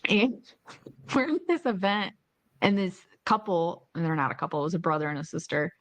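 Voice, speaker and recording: A woman hosting a podcast, chatting casually and telling animated stories with plenty of swearing. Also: lowish voice, normal speed, no echo. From New York or Michigan. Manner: animated storyteller who swears freely and acts out quotes. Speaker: podcast host. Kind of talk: casual chat.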